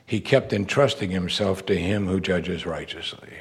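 A man's voice: low voice, normal speed. A man preaching a sermon, earnest and emphatic, pushing his voice up on key words.

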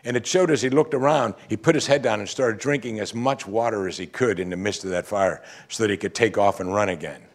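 A middle-aged man, a pastor, preaching a sermon in an animated way, swinging between emphatic and hushed. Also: on the low side, a little fast, few pauses.

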